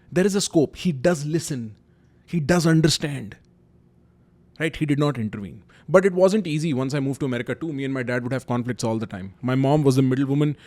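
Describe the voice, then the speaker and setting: A young man with an Indian English accent telling candid, emphatic personal stories to camera. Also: medium pitch. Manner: candid, emphatic, mixes Hindi kinship words and slang. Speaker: YouTube host.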